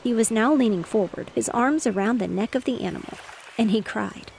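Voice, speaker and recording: A woman narrating a bedtime story in a gentle, steady reading voice. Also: fairly high pitch, fairly quick, creaky, a little hiss or hum. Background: faint waves.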